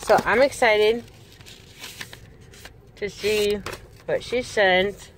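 A woman's voice: mid-range voice, fairly even intonation, drawn-out words, slight background noise. Chatty gushing woman in a car. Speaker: reborn doll vlogger. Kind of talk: casual unboxing chat. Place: inside a parked car. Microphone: handheld camera, no tripod.

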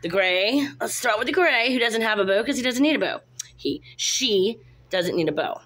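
A woman's voice: on the high side, expressive, normal speed, fairly bright tone. Woman, casual chatty, coos in baby talk, kitten showcase, phone recording. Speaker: cat breeder showing kittens.

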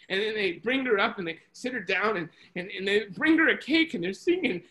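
A Bible study leader retelling a story in a lively, chatty way, full of restarts and acted voices. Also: mid-range voice, a little fast, hardly any pauses, poor audio. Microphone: video call.

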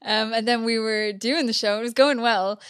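An Irish woman chatting on a podcast, crude and joking, with plenty of swearing. Her voice sits a bit high for a woman. The sound is dry and close, with no room around it. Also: steady tone, normal speed, fairly bright tone, smooth, no echo. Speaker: podcast co-host. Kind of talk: casual chat.

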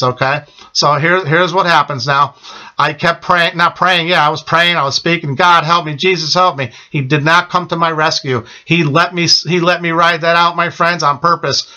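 A man's voice: fairly high pitch, sharp tone, poor audio. A middle-aged man telling an emphatic personal testimony, often repeating "okay?" and addressing listeners as his friends. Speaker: testimony speaker.

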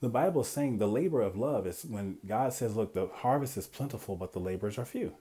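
A man with a low, mellow, slightly husky voice teaches from the Bible in a relaxed, conversational way. He reads verses aloud, keeps asking rhetorical "what?" questions, and builds into firmer emphasis as he makes his points. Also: brisk, few pauses.

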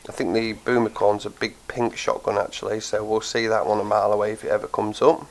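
Talking fast in a lowish voice with vocal fry and little change in pitch, a gaming host narrates his play casually. The recording is low quality, and he sounds tired and stuffy from a cold, filling his thinking-aloud with ums.

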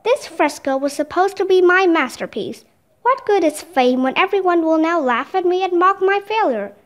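A woman's voice: extremely high pitch, expressive, moderate pace. A woman reading a brooding moody male genius. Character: moody middle-aged male artistic genius.

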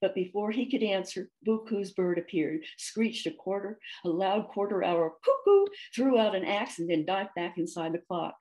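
A woman's voice: medium pitch, normal speed, few pauses. Woman reading a storybook aloud. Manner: steady narrating, occasional slips. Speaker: author reading her story.

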